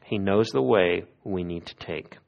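A man preaching a sermon in an earnest way, his voice rising in emphatic pleas and dropping to hushed, prayerful lows. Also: unhurried, gravelly, highs cut off. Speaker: pastor.

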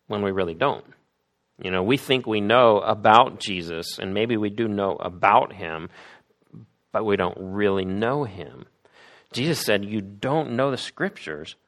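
Male preacher, lowish voice, emphatic sermon delivery that acts out the quoted voices. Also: a bit bright.

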